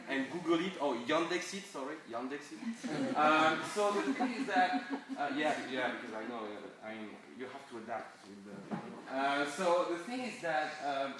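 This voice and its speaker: A man from France with a French accent and French as his first language, giving a live talk in halting English full of restarts and fillers. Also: medium pitch, a bit bright. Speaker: guest speaker. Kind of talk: live presentation. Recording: echoey room, far mic, noise.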